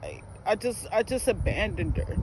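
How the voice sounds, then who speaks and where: A woman's voice: mid-range voice, wildly swooping pitch, moderate pace, background noise. A woman talking earnestly and emotionally in a casual vlog, with fillers and restarts, filmed outdoors on a phone. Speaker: vlogger. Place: outdoors near a residential field.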